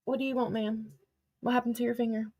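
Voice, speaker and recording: A woman's voice: fairly high pitch, little pitch movement, fast talker, warm tone. A woman with a Southern accent, chatting on a livestream, cursing freely and reading out text messages. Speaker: livestream host. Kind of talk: casual livestream storytelling.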